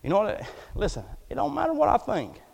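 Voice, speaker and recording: A man's voice: high-pitched, wildly swooping pitch, a little fast, creaky, darkish tone. A man preaching a folksy, storytelling sermon in a church, acting out the quotes as he goes. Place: church hall. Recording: echoey hall.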